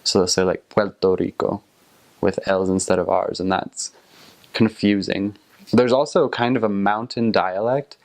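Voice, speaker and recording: Earnest low-voiced young man. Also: steady tone, normal speed. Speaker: returned missionary. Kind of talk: casual recollection and advice.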